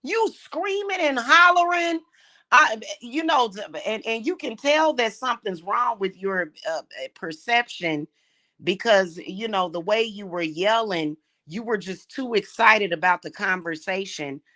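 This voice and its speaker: Angry, profane woman with a bright voice. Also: mid-range voice, a little slow. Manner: confrontational, profane, mocking. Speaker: vlogger. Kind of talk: angry monologue vlog.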